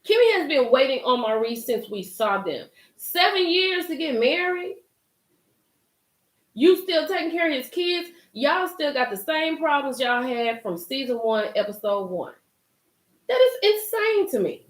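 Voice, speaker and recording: A woman's voice: sits high, a little slow, roomy sound. Hyped woman talking to live viewers. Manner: animated, gets hyped and loud, talks to chat by name. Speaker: livestream host recapping a reality show. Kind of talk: casual chat to live viewers.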